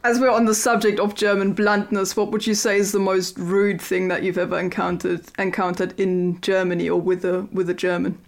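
A woman's voice: medium pitch, level tone, brisk, vocal fry, hardly any pauses. A woman co-hosting a podcast, reading wry, ironic scripted links and welcoming a guest. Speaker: podcast co-host.

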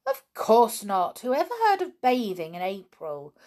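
A woman's voice: mid-range voice, big pitch swings, measured pace, darkish tone. A woman voicing a stern, sensible mother and aunt in a storybook reading. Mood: firm.

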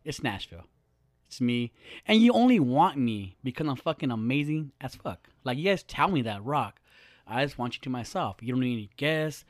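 A man's voice: mid-range voice, big pitch swings, normal speed, no room sound. A young man hosting a podcast, chatting casually, joking and swearing freely in a small studio. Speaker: podcast host.

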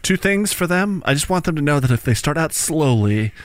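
A man's voice: fairly high pitch, expressive, a little fast, dry recording. A man co-hosting a casual sports podcast, joking and playful. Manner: jokey, playful, slips into a mock broadcast voice. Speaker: podcast co-host.

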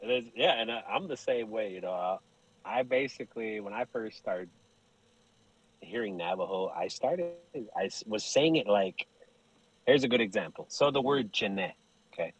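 Husky, animated man telling jokey stories. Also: fairly low pitch, moderate pace, dull audio. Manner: profane, laughs often, acts out voices in stories. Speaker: podcast guest. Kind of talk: casual joking storytelling.

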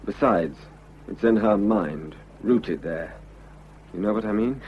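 Radio drama lead: a sincere, stammering married man, low voice, lo-fi old broadcast sound. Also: slight background noise. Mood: earnest pleading. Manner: earnest, halting, pleading. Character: Arthur, unhappily married man confessing love. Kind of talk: vintage radio drama acting. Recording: dull lo-fi old radio recording.

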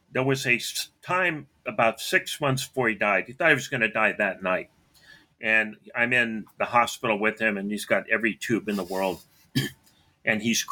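A middle-aged man telling an earnest personal story, often clearing his throat. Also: mid-range voice, pushed and bright. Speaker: storyteller recounting his life.

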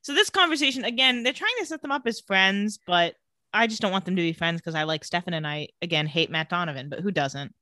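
A woman's voice: fairly low pitch, fast, no echo, studio quality. A woman co-hosting a casual chat, retelling a TV episode and acting out the characters' lines with gusto. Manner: animated storyteller, acts out characters' lines.

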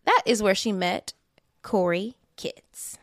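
A woman's voice: mid-range voice, takes it slowly, no echo, clean studio sound. A woman co-hosting a casual true-crime podcast, chatty and self-deprecating. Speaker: podcast co-host.

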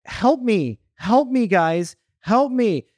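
A man's voice: high-pitched, animated, slow, a little mellow, dry recording, pitched above the performer's own voice, exaggerated voice. A man voicing a weepy young man faking distress, with a whiny, pleading voice. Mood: fake pleading.

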